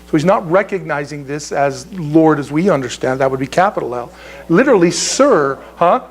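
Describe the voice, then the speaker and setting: A man's voice: on the high side, lively intonation, moderate pace. A man preaching a sermon as pastor, in a conversational, joking way, often restarting his sentences. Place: church sanctuary.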